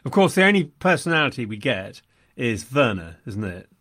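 A man's voice: mid-range voice, sing-song, fairly quick, a bit bright, no room sound, studio quality. A man co-hosting a casual film discussion podcast, wry and mock-indignant, with theatrical emphasis.

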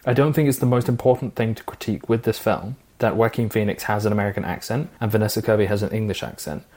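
A man co-hosting a film podcast speaks in a calm, even-handed way. He lays out his views patiently and plainly, like the voice of reason in a discussion. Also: lowish voice, fast talker. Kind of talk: casual film review chat.

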